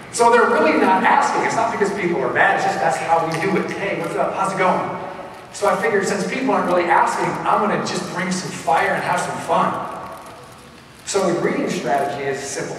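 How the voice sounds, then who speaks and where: A man giving a live motivational keynote, punchy and energetic, talking straight to the crowd. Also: fairly high pitch, slight background noise. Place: large event hall. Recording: echoey hall recorded from far off.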